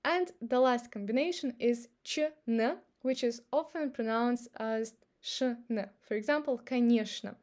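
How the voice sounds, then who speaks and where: A woman's voice: fairly high pitch, a little slow, hardly any pauses, a little mellow. A woman with a Russian accent, a native speaker of Russian, patiently explaining pronunciation rules step by step in a language lesson.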